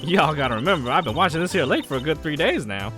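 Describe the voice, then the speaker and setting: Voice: mid-range voice, expressive, fast talker, fairly bright tone, faint music behind, close to an everyday voice. A streamer voicing a brash young woman photographer with a put-on Southern US accent and a folksy, drawling way of talking. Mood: chatty.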